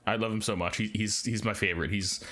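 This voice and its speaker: A man hosting a casual podcast, halting with many fillers as he reads episode summaries and chats. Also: fairly low pitch, fairly even intonation, fairly bright tone. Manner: hesitant, many fillers and restarts. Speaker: podcast host.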